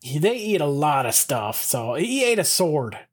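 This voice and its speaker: A man's voice: fairly high pitch, unhurried. A man co-hosting a podcast, casually recapping a TV episode and acting out the characters' lines as he goes. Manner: animated plot retelling, acts out character lines. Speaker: podcast co-host.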